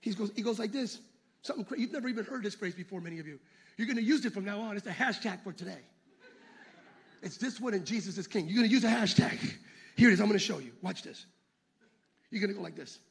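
A man preaching a sermon as pastor, swinging between shouted exhortation and hushed asides. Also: sits high, quick pace, creaky, pauses often, breathy edge.

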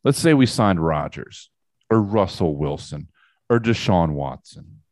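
Low-voiced guy arguing football points, lots of ups and downs, dry sound. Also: expressive, unhurried, a little mellow. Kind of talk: casual sports chat.

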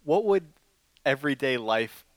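A man's voice: medium pitch, animated, measured pace, no room sound. A man co-hosting a casual movie podcast, easygoing and thinking aloud. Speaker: podcast co-host.

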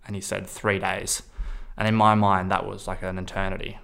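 Young man, low and even-toned, smooth voice; casual, rambling storytelling, candid and profane. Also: normal speed. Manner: rambling, candid, with frequent fillers and swearing. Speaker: storyteller recounting a personal experience.

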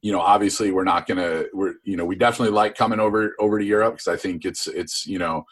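A man's voice: sits low, steady tone, fast, fairly bright tone, slightly rough. A man guest on a podcast, talking casually and rambling with many fillers about his coaching course. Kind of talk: casual interview chat.

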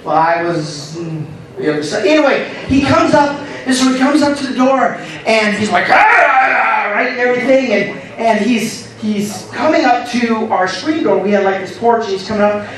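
The pastor's voice is high and expressive, moving at a moderate pace, and it reaches the far-off mic with a roomy echo. He laughs through a story in his sermon and calls to his congregation, drawing responses back.

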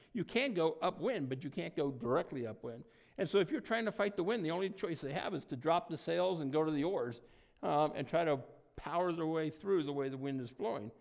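A man preaching a sermon in a conversational way, often pausing with "um" and checking in with "right?". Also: a little high, vocal fry. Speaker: pastor.

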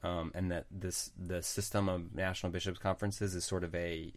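A man co-hosting a casual podcast, explaining and recapping points in a steady, listing way. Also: low voice, normal speed, no room sound. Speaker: podcast co-host. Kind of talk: casual chat.

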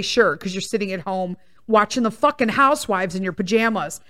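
A woman's voice: medium pitch, fairly bright tone. A woman hosting a casual chat show, telling a story in an exasperated, profane way and acting out the other people's lines. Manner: profane, exasperated, acts out quoted voices. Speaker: podcast host.

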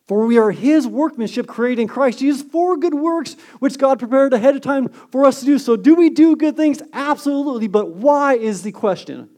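A man preaching a sermon as a pastor, earnest and emphatic, dropping to a hushed tone on key lines. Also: very high voice, expressive, moderate pace, hardly any pauses.

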